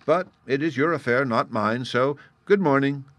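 A cheeky young boy from a storybook, blunt and impatient, pitched well up and pressing his warnings hard, as a man reading the tale puts him on. The voice stays dry and close. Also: normal speed, fairly bright tone, no room sound, natural voice. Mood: urgent, blunt. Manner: insistent warning, raised voice.

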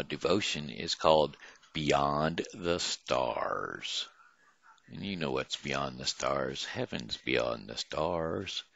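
A man with a Missouri accent sings country songs in a drawled southern style, then slips into unhurried chat with his viewers. His voice sits low. The recording is dry and a little dull, made at home. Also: creaky, a bit bright, no room sound. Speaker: daily video blogger. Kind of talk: singing along to songs, then casual talk.

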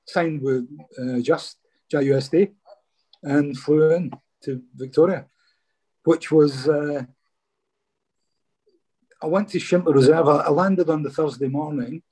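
A man's voice: fairly high pitch, unhurried, pauses often, mellow, slightly rough. A Scottish man, a former footballer, telling stories casually in an interview and often saying "mate". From Scotland. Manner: chatty, says "mate" a lot.

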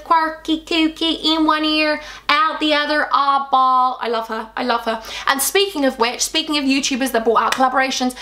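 Young woman beauty vlogger, bubbly and effusive, slightly high voice, casual chatty delivery. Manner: gushing, excitable, self-deprecating. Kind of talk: casual chat.

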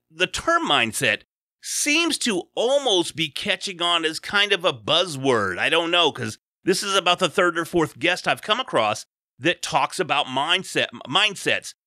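A man's voice: fairly high pitch, sing-song, unhurried, bright, forceful tone, no echo, studio quality. A man hosting a podcast interview, chatty and rambling, with frequent restarts. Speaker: podcast host. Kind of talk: casual interview chat.

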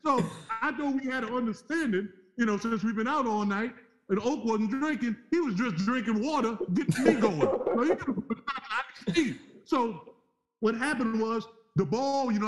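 A man tells a story in a high, excited voice. His pitch leaps even higher when he quotes himself. He sounds like an old athlete reliving a wild night out. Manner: lively, jumps up in pitch when quoting himself. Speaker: former basketball player telling a story. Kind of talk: animated storytelling on a talk show.

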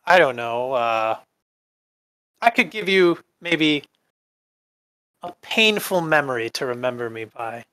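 A man's voice: a little high, fairly bright tone, clean tone, no room sound. A man voicing a sneering, bored spectre in a tabletop role-play, drawling and contemptuous.

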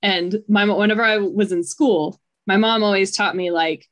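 A woman from Texas, casually sharing a childhood memory in a relaxed, reflective way. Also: mid-range voice, moderate pace. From Lubbock, Texas. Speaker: podcast co-host. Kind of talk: casual chat.

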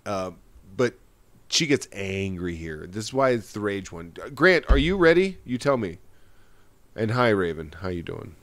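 A man's voice: on the low side, big pitch swings, a little slow. Ranting, profane male podcast host. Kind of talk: casual podcast commentary.

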